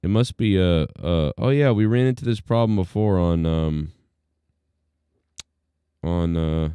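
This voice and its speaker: A man with a low, warm voice talks loosely over a live stream, rambling and trailing off with ums and uhs. His voice comes through smooth and close, with no room sound around it. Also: measured pace, dry recording. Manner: laid-back, rambling, full of fillers. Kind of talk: casual live-stream commentary.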